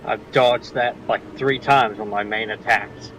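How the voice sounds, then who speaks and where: A man playing a tabletop game, eager and excitable in table talk. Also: fairly low pitch, measured pace, a little hiss or hum, poor audio. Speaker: player.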